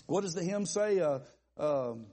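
Southern preacher guy, high voice, bit husky, folksy and animated, lots of asides. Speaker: pastor. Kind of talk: sermon. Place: church conference hall.

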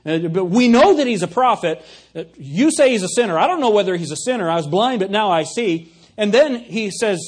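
A man's voice: high voice, lively intonation, a little fast. A male pastor preaching a sermon, reading King James verses aloud and retelling them in plain words, with questions to the congregation. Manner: asks the congregation questions and calls for "Amen?".

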